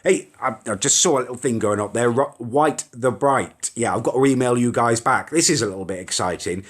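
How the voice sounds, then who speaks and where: A man's voice: mid-range voice, brisk. A young man hosting a casual live stream, rambling and reading out viewer comments with mild swearing. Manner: chatty, rambling, mild swearing, reacts to comments as they scroll. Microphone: phone or webcam live stream.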